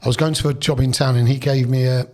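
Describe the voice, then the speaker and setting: A middle-aged man, guesting on a podcast and spinning rambling, animated stories. He trips over his own restarts and slips into voices for the people he quotes. His tone is husky, with a mid-range pitch. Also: fast talker. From Leicester, England. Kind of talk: casual storytelling interview.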